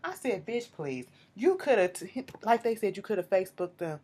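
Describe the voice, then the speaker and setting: A woman with a mid-range voice tells an episode recap in a sassy, foul-mouthed, animated way. She jumps high and drops low to act out what people said, casual and chatty throughout. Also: normal speed. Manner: sassy, profane, animated storytelling; swoops high and low acting out quotes. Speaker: TV show reviewer.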